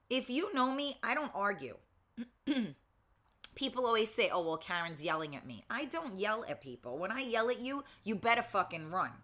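Blunt, bright-voiced woman host. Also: mid-range voice. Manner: blunt, swears freely, frequent throat clearing. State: losing her voice. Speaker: show host. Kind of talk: casual talk show chat.

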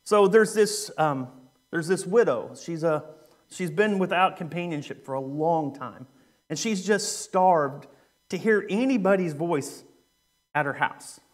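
A young adult man, a youth minister, preaching a sermon in a relaxed, joking way with lots of ums and uhs. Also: on the high side, measured pace. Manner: conversational, joking, with frequent fillers. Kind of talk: sermon with a humorous story.

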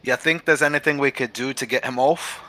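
A man's voice: mid-range voice, fairly even intonation, fairly quick, pushed and bright, no echo. A man playing a tabletop game, speaking earnestly and directly. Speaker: player.

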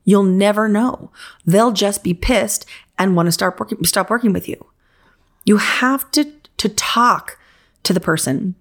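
A woman's voice: mid-range voice, a little slow. A woman coaching interior designers in casual, frank podcast advice, talking in a conversational, emphatic way.

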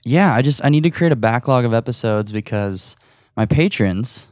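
A man's voice: medium pitch, lively intonation, normal speed, darkish tone, no room sound, clean studio sound. A young man hosting a casual solo podcast while playing a video game at home, rambling and self-deprecating, a bit out of breath. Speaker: podcast host. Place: his room at home. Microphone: audio recorder.

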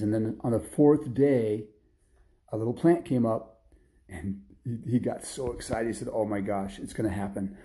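A man's voice: medium pitch, warm tone. A man telling an improvised children's story in a rambling way, with restarts and sound effects.

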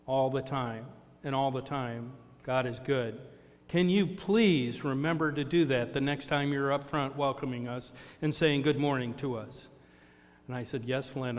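A man's voice: mid-range voice, in a large hall. A middle-aged male pastor preaching a sermon, telling personal stories in an earnest way with call-and-response asides. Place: church sanctuary.

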